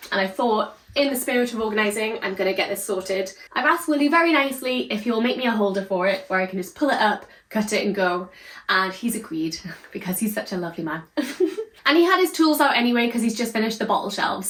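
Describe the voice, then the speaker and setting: A woman vlogging in a cheerful, chatty way from her studio, laughing often. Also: mid-range voice. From Scotland. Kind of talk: casual vlog narration. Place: stone outbuilding studio on a remote island. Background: guitar music.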